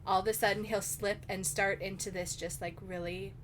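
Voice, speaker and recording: A woman's voice: mid-range voice, flat delivery, normal speed, a bit bright, a little hiss or hum. A young woman with a Minnesotan accent co-hosting a casual podcast chat, laughing often. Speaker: podcast co-host.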